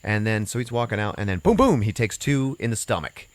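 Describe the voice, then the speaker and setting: A man's voice: on the low side, fast, no room sound. A man hosting a podcast, casually retelling a story with rambling asides and acted-out quotes. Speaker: podcast host. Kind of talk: casual chat.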